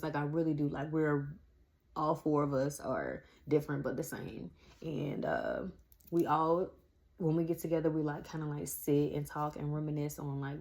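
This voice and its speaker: A woman's voice: low-pitched, gravelly, a little mellow. A woman around forty, chatting casually to camera and calling her viewers y'all. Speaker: vlogger.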